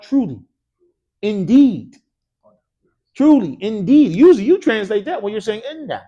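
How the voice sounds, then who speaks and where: A man with a high, warm voice runs an energetic Arabic grammar class in a mosque classroom. He repeatedly tests his students with "what?" prompts and tosses in casual slang.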